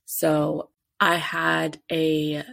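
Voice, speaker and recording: Low, gravelly woman telling a story. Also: very slow, dry recording, studio quality. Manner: animated, acts out quotes, many fillers. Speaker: podcast host. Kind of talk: casual storytelling.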